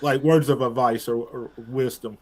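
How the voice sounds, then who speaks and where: A man co-hosting a wrestling podcast, asking questions in a relaxed way with lots of fillers. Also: mid-range voice, normal speed. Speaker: podcast co-host. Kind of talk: casual podcast interview.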